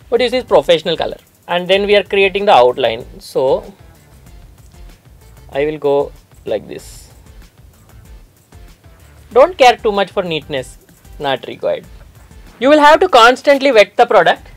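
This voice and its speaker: A man putting on a playful regional Indian accent as a chatty male makeup teacher, giving step-by-step instructions and stacking up "we are ...-ing" phrasing. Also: high voice. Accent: regional Indian, put on. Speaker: makeup artist. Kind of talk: face-painting tutorial.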